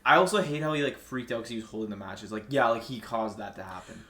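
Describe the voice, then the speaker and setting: A young man co-hosting a podcast, telling a story quickly and packing it with lots of "like". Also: medium pitch, lively intonation, pushed and bright. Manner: rapid, filler-heavy storytelling. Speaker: podcast co-host. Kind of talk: casual chat.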